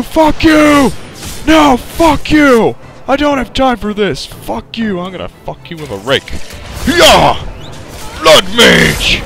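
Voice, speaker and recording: A young man doing casual let's-play commentary, goofy and rambling, with heavy swearing. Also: mid-range voice. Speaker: gaming commentator. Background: game music faint.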